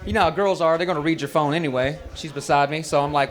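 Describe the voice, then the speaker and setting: Male stand-up comic, brash and profane, slightly high voice, live bar set. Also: fast talker. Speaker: stand-up comedian. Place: bar stage at an open mic.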